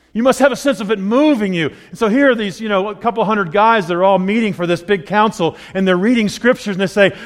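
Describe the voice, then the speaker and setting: Excitable man preaching in a reverberant hall. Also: high-pitched. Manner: conversational, excitable, rising with emphasis. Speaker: pastor. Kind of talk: sermon.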